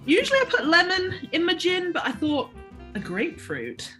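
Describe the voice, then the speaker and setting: English woman on a video call, chatty and wry, voice moving up and down a lot, bright tone. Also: very high voice, huge pitch swings, moderate pace, faint music behind. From England. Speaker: guest. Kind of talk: casual chat.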